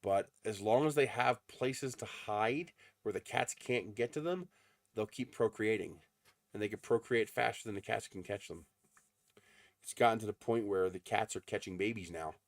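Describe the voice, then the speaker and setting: Low-voiced man rambling on a livestream. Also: dry recording, studio quality. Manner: rambling storyteller with frequent ums. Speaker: livestream host. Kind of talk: casual livestream chat. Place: home in the desert.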